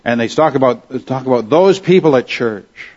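A man's voice: mid-range voice, animated, normal speed, a little mellow, lo-fi sound. A man preaching a sermon in an earnest, conversational way, asking rhetorical questions of his listeners. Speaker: pastor.

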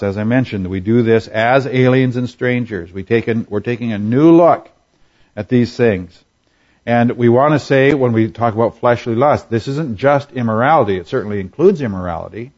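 A man teaching from a Bible passage in a measured, explanatory sermon style, often pausing and restarting as he works through the grammar. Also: mid-range voice, a little mellow, highs cut off.

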